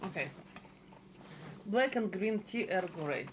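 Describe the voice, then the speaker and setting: A woman's voice: medium pitch, animated, takes it slowly, background noise. Chatty woman with a Russian accent. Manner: chatty, searching for words. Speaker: channel host. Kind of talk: casual mukbang chat. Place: home dining table.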